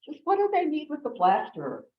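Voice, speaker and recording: A woman's voice: sits high, huge pitch swings, brisk, voice pushed up. A woman telling a joke voices a polite, chatty male duck who works as a plasterer, dry and matter-of-fact. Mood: puzzled. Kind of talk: telling a joke at a club meeting. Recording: echoey room, dull sound.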